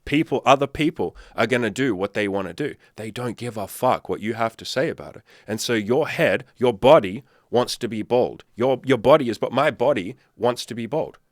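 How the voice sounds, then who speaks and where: A man's voice: medium pitch, expressive, normal speed, few pauses, no room sound, studio quality. Blunt, swearing man coaching on dating. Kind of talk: casual commentary to camera.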